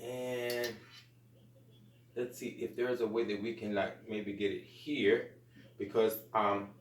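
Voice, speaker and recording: Friendly guy chatting to his viewers while he works on a plant, mid pitch, kinda echoey room. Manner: chatty and upbeat, keeps addressing viewers as "you guys". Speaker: gardening channel host. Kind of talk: casual how-to vlog.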